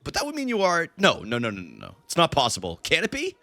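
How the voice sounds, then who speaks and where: A man's voice: a little high, wildly swooping pitch, quick pace, sharp tone, no room sound, pitched above the performer's own voice, exaggerated voice. Man reading as a stern formal guard. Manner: formal, read plainly off the screen.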